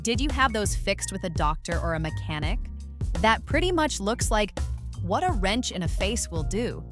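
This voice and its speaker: A woman's voice: mid-range voice, normal speed. Sarcastic woman host over music. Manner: mocking, deadpan. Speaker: reaction video host. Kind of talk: sarcastic commentary.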